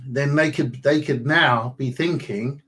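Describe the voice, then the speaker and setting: An animated man in his forties coaches listeners in a relaxed, colloquial way. His voice sits at a middle pitch, neither high nor low, and he keeps slipping into little acted-out conversations. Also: moderate pace, rough recording. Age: 40s. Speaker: property business coach. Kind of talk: motivational webinar talk.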